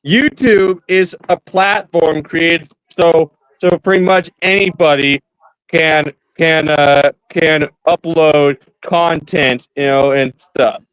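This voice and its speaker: Man, slightly raised pitch, dry close sound; casual streamer who rambles, repeats himself and keeps calling out to his audience. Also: steady tone, slow, a bit bright, clear, resonant tone, dry recording, low-quality recording. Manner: rambling, repeats and restarts phrases; addresses viewers directly. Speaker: streamer co-host. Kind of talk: casual chat.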